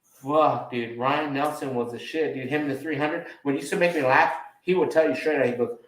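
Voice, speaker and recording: A man hosting a podcast, chatting casually and telling rambling, profane stories, with lively quotes of other people. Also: mid-range voice, brisk, roomy sound, poor audio. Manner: animated when quoting others. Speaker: podcast host. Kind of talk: casual chat.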